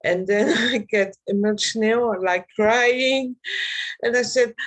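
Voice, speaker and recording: Woman, slow, halting, heartfelt, group video call. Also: a little high, low-quality recording. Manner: slow, halting, heartfelt, non-native phrasing. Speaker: circle participant. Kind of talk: personal sharing in a group call.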